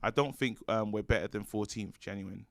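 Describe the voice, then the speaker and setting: A man's voice: lowish voice, moderate pace, gravelly, dry recording. A man co-hosting a football fan show, reading viewer comments in a jokey, stumbling way with many fillers. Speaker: fan channel co-host.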